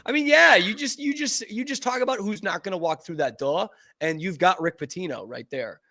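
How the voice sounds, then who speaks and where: A man's voice: sits high, fairly quick, pushed and bright. A man hosting a sports podcast, chatting casually and with enthusiasm. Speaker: podcast host.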